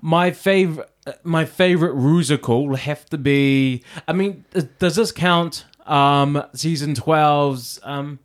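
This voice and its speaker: A gossipy man co-hosting a casual chat show, his voice sitting a little higher than most men's. He talks in an animated, playful way, with quick swings of pitch. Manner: animated, gossipy, laughs often. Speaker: podcast co-host.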